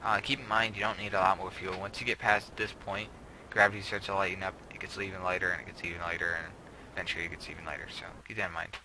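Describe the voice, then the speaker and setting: A man's voice: deep voice, level tone, fast talker, bright, forceful tone, a little hiss or hum, poor audio. A young man giving casual, rambling gameplay commentary, often trailing off and putting himself down. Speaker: gameplay video host.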